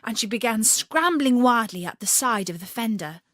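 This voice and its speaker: A woman reading a children's storybook aloud in an expressive, animated way. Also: fairly high pitch, moderate pace, no echo, studio quality.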